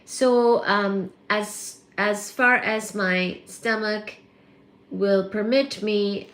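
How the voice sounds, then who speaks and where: A woman hosting a casual live stream, chatting and greeting viewers by name with excited exclamations. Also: medium pitch, roomy sound. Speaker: livestream host.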